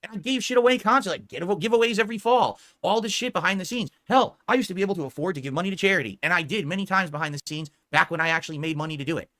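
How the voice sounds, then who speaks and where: A man's voice: sits high, racing, hardly any pauses, sharp tone, dry recording. A man in his forties, a streamer, ranting bitterly at his viewers and swearing as he berates them. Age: 40s. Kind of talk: angry live-stream rant.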